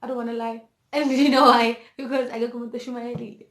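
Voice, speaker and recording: A woman's voice: fairly high pitch, level tone, a little fast, a bit bright. A young woman with a South African accent from Zulu country, telling a candid, emotional storytime in her vlog and mixing English with Zulu. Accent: South African, Zulu-inflected. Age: young adult. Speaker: vlogger. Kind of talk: personal storytime. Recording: roomy echo.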